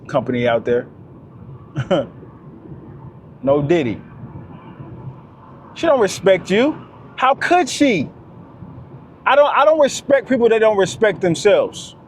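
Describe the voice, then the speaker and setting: A man's voice: high-pitched, darkish tone. A man giving a casual, preachy monologue, repeating his points with emphasis. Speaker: vlogger.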